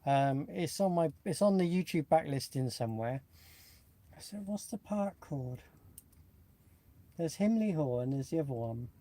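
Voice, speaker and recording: Mellow-voiced chatty man on a livestream. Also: fairly high pitch, animated, normal speed, long pauses, no room sound. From England (Nottingham). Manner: chatty, rambling, laughs easily. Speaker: co-host. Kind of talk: casual livestream chat.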